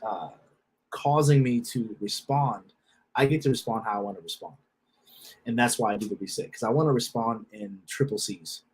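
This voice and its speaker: Husky man, blunt and profane, repeats himself: self-help speaker. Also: medium pitch, a little mellow, poor audio. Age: adult with a wife and children. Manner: repeats phrases, restarts. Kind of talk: casual motivational talk.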